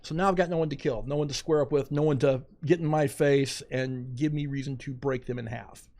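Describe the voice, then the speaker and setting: A middle-aged man, a podcast guest, telling a story in animated, dramatic fashion with quoted asides. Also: mid-range voice, a little fast. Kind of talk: casual storytelling.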